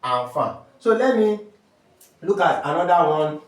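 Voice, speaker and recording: A man with a Nigerian accent teaches French pronunciation at a slow, deliberate pace. He drills each term and answers his own questions. His voice sits a little high and sounds echoey, as if he stands away from the mic. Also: expressive, recorded from a distance. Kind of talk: step-by-step language lesson.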